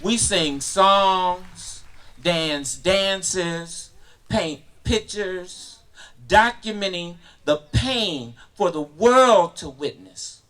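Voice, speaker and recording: At an outdoor gathering in a park, a man performs a spoken word poem with rhythm and passion, sometimes rising to shouts. His voice is high-pitched, his delivery extremely slow, and the recording rough.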